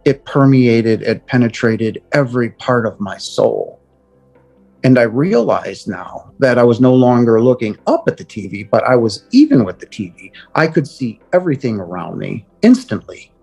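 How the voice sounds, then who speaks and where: A middle-aged man earnestly telling of his near-death experience, often halting and repeating words as he goes. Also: medium pitch, sing-song, creaky, a little mellow, husky, faint music behind. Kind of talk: personal testimony.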